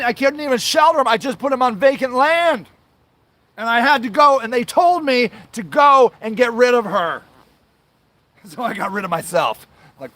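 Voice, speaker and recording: A man's voice: high-pitched, lively intonation, moderate pace, pushed and bright. A man hosting a livestream, ranting angrily with constant swearing, stumbling over filler sounds and apologizing as he goes. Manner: angry, profane, swears constantly; apologizes then rants on, trailing filler sounds. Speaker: show host. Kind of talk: livestream rant to viewers.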